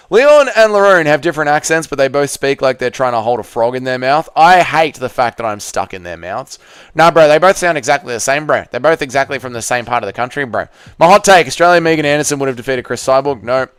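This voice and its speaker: Hosting a casual livestream, a man answers viewer comments he reads aloud, responding with blunt sarcasm and plenty of swearing. His medium-pitched voice is clear and resonant, captured in a dry, studio-quality recording.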